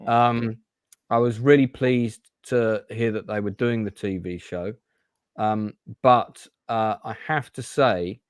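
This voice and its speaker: A man's voice: mid-range voice, no room sound. Male host, casual rambling talker, dry close sound. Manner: rambling, hesitant, with many restarts. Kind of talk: casual chat.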